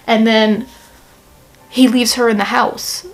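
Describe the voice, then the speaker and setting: A woman's voice: on the high side, steady tone, measured pace. A young woman talking casually to the camera as she reviews a book, chatty and gushing, with lots of fillers and playful mock-quotes.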